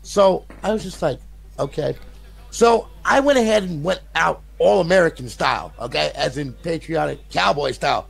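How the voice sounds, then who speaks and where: Older guy, raspy gravelly voice, kinda high, rambles and repeats himself, swears a lot. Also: animated, normal speed. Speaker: console modder guest. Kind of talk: casual storytelling interview.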